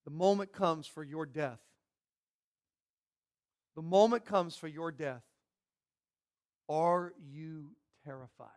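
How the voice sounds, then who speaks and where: A man preaching a sermon, swinging from hushed, almost whispered lines to loud, emphatic bursts. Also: a little high, takes it slowly, pauses often. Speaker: pastor.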